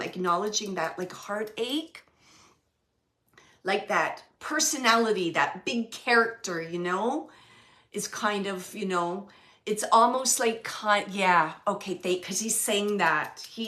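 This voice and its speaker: A woman giving a spirit reading as a medium, rambling and halting with many fillers and frequent laughs. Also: mid-range voice, pushed and bright.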